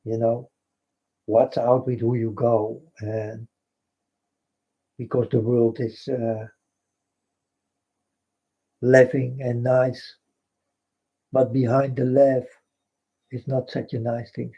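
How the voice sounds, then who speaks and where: In a dull lo-fi vlog, a Dutch man with a Dutch accent drifts through a spiritual monologue in broken English, going over the same points and calling out to his folks. He takes things slowly with long pauses, his medium-pitched voice flat, mellow and slightly rough.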